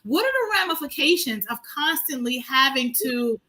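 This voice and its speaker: A woman's voice: high voice, normal speed. A woman from New York with a New York accent, a guest author chatting and telling stories animatedly, acting out what people said. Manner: animated storyteller, acts out quotes. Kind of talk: casual conversation.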